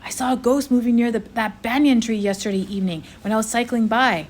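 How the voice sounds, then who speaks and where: A woman reading aloud, voicing a frightened boy who insists a place is haunted, in a hushed, urgent way. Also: on the high side, quick pace, a little hiss or hum, voice pushed up, lightly acted. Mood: nervous. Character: scared boy insisting on ghosts.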